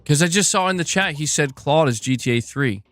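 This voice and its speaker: A man's voice: fairly high pitch, lively intonation, brisk, fairly bright tone, soft background music. A man hosting a casual live stream about video game news, chatting loosely and reacting to his chat with frequent laughs.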